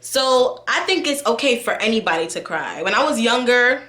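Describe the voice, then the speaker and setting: Chatty New woman vlogger, bright tone, roomy echo; candid, talks straight to viewers. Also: a little high, animated, moderate pace. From New York. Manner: chatty, candid, lots of fillers, addresses viewers directly. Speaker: YouTube vlogger. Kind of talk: casual chat to camera. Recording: echoey room.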